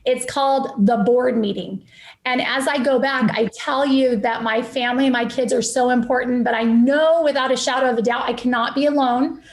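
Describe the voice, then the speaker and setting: A fired-up woman speaks with a high, bright pitch and a motivational punch. She talks like a real estate investor guest on a podcast interview, emphatic and heartfelt. The sound carries the echo of a roomy space. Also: steady tone, moderate pace. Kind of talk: enthusiastic podcast interview talk.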